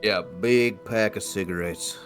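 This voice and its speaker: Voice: low voice, a little slow, soft background music. Player doing a blunt American drawl, Obadiah. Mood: insistent. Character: American character named Obadiah, blunt, craving cigarettes.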